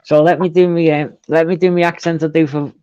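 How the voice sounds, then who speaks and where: A man's voice: on the high side, little pitch movement, brisk, warm tone, clear, resonant tone. A man with a Liverpool accent chatting casually in his living room and laughing often. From Liverpool, England. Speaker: musician and host. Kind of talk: casual chat. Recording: dull dry lo-fi audio.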